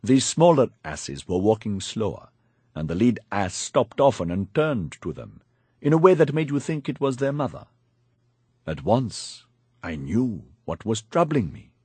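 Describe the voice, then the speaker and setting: A man's voice: on the low side, big pitch swings, measured pace, darkish tone, husky, dry recording. A man narrating a first-person audiobook in a wry, confiding storytelling manner, on a close studio mic.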